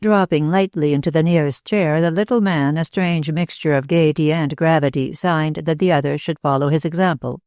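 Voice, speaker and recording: A woman reads an audiobook aloud, telling the story in a measured, even way. Her voice is low-pitched, and the scripted narration is recorded cleanly in a studio with no room sound.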